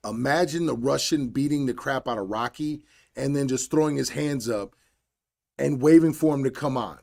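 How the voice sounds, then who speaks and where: A man hosting a solo podcast, telling a coaching story in a blunt, animated, slangy way. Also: medium pitch, creaky. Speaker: podcast host and fight coach.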